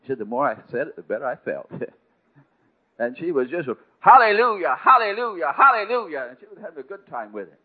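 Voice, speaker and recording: A man preaching a sermon, telling a story with dramatic swings from hushed to loud. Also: mid-range voice, lively intonation, fast. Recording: tinny phone-like sound.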